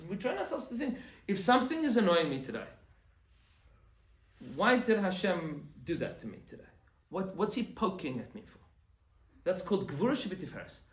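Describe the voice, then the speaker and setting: A man, a rabbi, giving an animated Torah class and acting out quoted complaints. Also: sits high, roomy sound.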